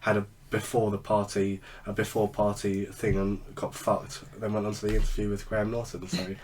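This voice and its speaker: A man's voice: lowish voice, little pitch movement, moderate pace, a little mellow, recorded from a distance, slight background noise. A man co-hosting a casual podcast chat, rambling with lots of fillers and restarts. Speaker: podcast co-host.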